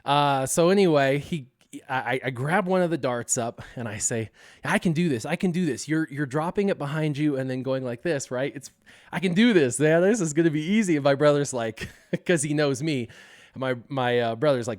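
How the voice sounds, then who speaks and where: A young man chats on a live stream, telling a story and acting out the voices. His voice sits a little high and sounds smooth and clear. The recording is dry and close. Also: brisk, dry recording. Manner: animated storyteller who acts out scenes and laughs often.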